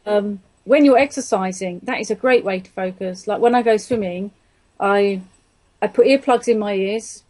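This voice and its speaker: A woman's voice: medium pitch, moderate pace, warm tone. A woman, chatting agreeably as a guest in an interview. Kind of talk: conversational interview.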